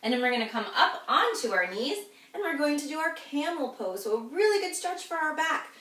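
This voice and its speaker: A woman's voice: high-pitched, big pitch swings, a little fast, a bit bright. A woman guiding a children's yoga class, cheerful and encouraging as she talks the kids through each pose. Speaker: kids' yoga instructor. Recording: echoey room, voice from a distance.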